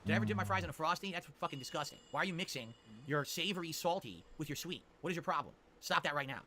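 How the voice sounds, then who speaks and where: A man streaming live, answering chat questions with quick, opinionated rants. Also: on the high side, lively intonation, bright, forceful tone, slight background noise. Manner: rapid, opinionated ranting. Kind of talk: livestream chat reply.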